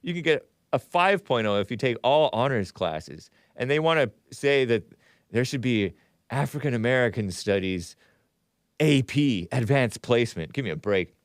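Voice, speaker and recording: A male talk host rambles through a casual monologue, mocking as he goes and laughing at his own remarks. His pitch swings lively up and down, and the sound is dry and close with a clean, smooth tone. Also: moderate pace, no room sound.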